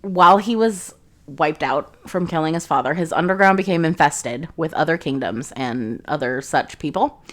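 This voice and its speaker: A woman's voice: deep voice, lively intonation, normal speed. A young woman casually recapping a fantasy novel in a chatty, sarcastic way, swearing freely. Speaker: book reviewer.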